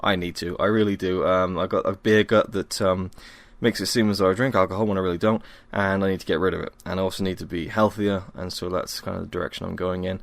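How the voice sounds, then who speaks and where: A man's voice: sits low, steady tone, fast, creaky, few pauses, no echo. A young man from Wales, hosting a casual solo podcast at home, rambling and self-deprecating with many ums, tired after a workout. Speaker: podcast host.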